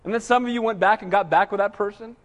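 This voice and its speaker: A pastor with a notably high voice delivers a sermon in a chatty, joking way, firing rhetorical questions at his congregation. His voice rings out with a long reverb, as though in a large church sanctuary. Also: fast, fairly bright tone. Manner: conversational preaching with rhetorical questions and humor.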